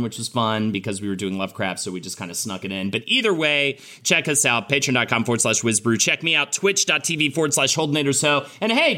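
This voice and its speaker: Bright-voiced animated podcast host. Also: male voice, medium pitch. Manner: animated, laughs often, trailing restarts. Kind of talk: casual podcast chat.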